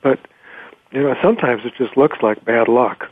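A man's voice: mid-range voice, moderate pace, slightly rough, dry recording. Reflective male host, phone-thin sound. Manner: reflective, conversational, with hedging fillers. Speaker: interview host, clinician. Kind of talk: interview conversation. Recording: tinny phone-like audio.

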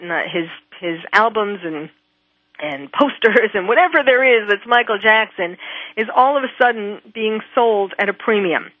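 A woman's voice: medium pitch, moderate pace, no echo. A woman psychiatrist hosting a talk radio show, musing aloud with many hesitations and fillers. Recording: phone-like thin audio.

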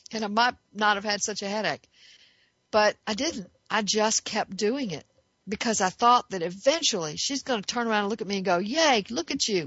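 A woman's voice: mid-range voice, fairly bright tone, dry recording. Woman, self-help speaker, earnest and emphatic, rhetorical questions, dry close sound, slightly muffled. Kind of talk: reflective monologue.

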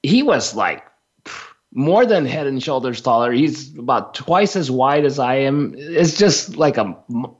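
Male storyteller, slow and halting, fillers and restarts, dull radio sound. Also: medium pitch, big pitch swings, breathy edge. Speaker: radio show guest teacher. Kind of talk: storytelling on a talk radio show.

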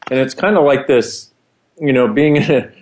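A man's voice: mid-range voice, normal speed, darkish tone. A man co-hosting a casual conversation, eagerly explaining and retelling stories. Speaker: co-host.

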